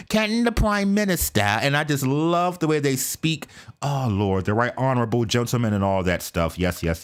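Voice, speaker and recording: An American man giving casual, talkative commentary on a live stream. He keeps checking in with "okay?" and mutters quietly to himself while he sets things up. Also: medium pitch. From United States. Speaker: reaction video streamer.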